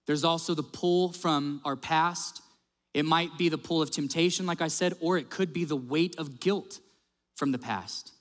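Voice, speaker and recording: A male pastor preaching a sermon, telling stories in a lively way and acting out the quotes. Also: fairly high pitch, long reverb tail. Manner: animated storyteller, acts out quotes.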